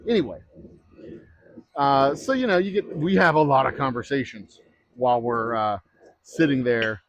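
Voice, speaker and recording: A man's voice: medium pitch, normal speed, slight background noise, rough recording. A man chatting casually on a livestream, rambling and joking with many fillers. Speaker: distillery owner livestreaming.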